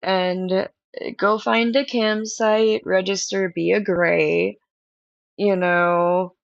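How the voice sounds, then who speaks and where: A woman's voice: mid-range voice, flat delivery, drawn-out words, gravelly, no echo, highs cut off. A woman hosting a livestream, chatting candidly to viewers and rambling through stories with lots of fillers. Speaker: livestream host. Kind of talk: casual chat to stream viewers.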